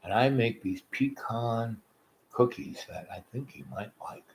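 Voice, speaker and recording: A man voicing a calm, sharp-witted woman caregiver in a retold story, speaking matter-of-factly. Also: medium pitch, unhurried, slight background noise, natural voice.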